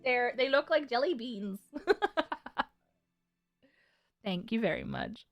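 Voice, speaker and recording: A woman's voice: on the high side, very animated, slow pace, creaky, muffled recording. A woman streamer chatting casually with her audience, emotional and close to tears, laughing often as she reads chat aloud. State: teary, close to crying.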